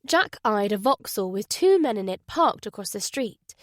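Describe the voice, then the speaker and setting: Measured woman narrating a thriller audiobook. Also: medium pitch, very animated, no room sound, clean studio sound. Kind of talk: scripted narration.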